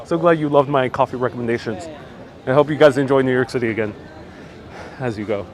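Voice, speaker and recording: A fast-talking man with a mid-range voice livestreams as he walks city streets, hosting a tour with casual chatter, frequent laughter and viewer comments read aloud. He's a bit stuffy-nosed; faint outdoor street noise is audible on his wireless clip-on mic.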